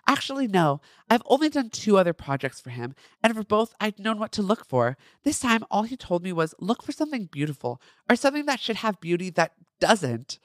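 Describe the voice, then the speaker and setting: A man's voice: high voice, sing-song, brisk, hardly any pauses, a bit bright, dry recording, clean studio sound, voice pushed up. A man reading the lines of a friendly young male actor in his own fan fiction, cheerful and easygoing. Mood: upbeat.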